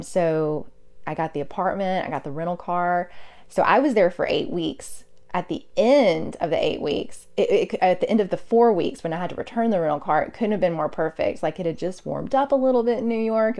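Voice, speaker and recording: A woman's voice: lowish voice, normal speed. A woman nurse, a podcast guest, telling her story in casual conversation with lots of fillers and feeling. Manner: animated, emotional storyteller with many fillers.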